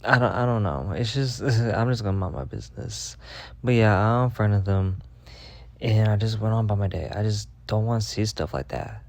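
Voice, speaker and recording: A young man telling a rambling, profane story in a casual monologue, packed with filler words and deadpan bragging. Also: on the low side, moderate pace, vocal fry, no echo. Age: young adult. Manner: rambling, heavy on "like" fillers and swearing. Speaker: vlogger.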